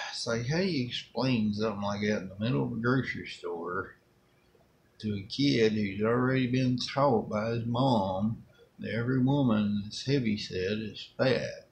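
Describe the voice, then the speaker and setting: A man's voice: lowish voice, a little slow, creaky, slight background noise. A middle-aged man with a Southern American accent telling a rambling personal story in a casual, folksy way. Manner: rambling, folksy, acts out quotes. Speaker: storyteller vlogger.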